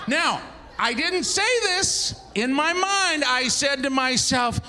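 A man who is a pastor tells a comic story to his congregation in an animated, exclaiming way and acts out every voice. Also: very high voice, takes it slowly, slight background noise.

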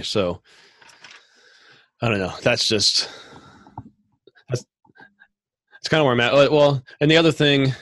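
A middle-aged man who runs a machine shop, talking casually on a podcast in a rambling way with frequent restarts and throat clearing. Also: mid-range voice, lively intonation, unhurried, pauses often, a bit bright, no echo.

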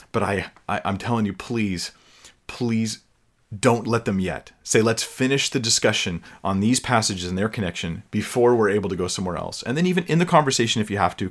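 A man giving an earnest teaching talk, explaining step by step, repeating words as he goes and reading scripture aloud slowly. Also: on the low side, fairly bright tone. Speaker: Bible teacher.

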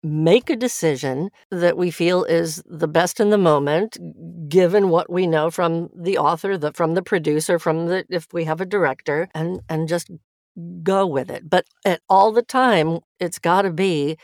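A woman with a notably low voice speaks in a podcast interview about narration, animated and quick to laugh. Her sound is close and dry, with no room around it. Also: no echo. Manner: animated, laughs often, restarts phrases. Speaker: audiobook narrator and acting teacher.

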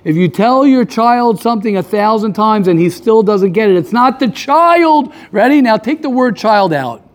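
A man teaching a casual class, animated, firing rhetorical questions and repeating his points. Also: high voice, moderate pace. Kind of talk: casual lively classroom talk.

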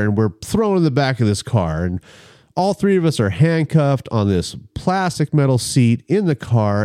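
A man telling a story in a casual chat, animated and acting out the people in it. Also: medium pitch, dry recording, clean studio sound.

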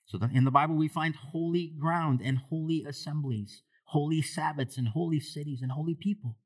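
A man with a husky voice preaches at a normal speed as pastor to his congregation. He asks them questions and shifts between hushed, low lines and raised, loud ones.

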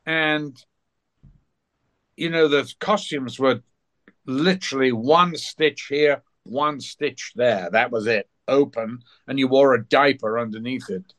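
A man with a mid-range voice tells behind-the-scenes stories as an interview guest. He is animated and slips into the voices of the people he quotes. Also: mid-range voice, takes it slowly. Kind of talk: anecdotal storytelling.

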